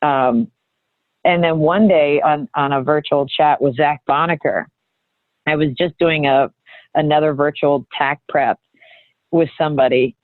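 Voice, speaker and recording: A woman guest telling a personal story in an earnest, halting way, often restarting her sentences. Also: low-pitched, fairly even intonation, no room sound. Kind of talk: candid reflective storytelling. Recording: thin phone-like audio.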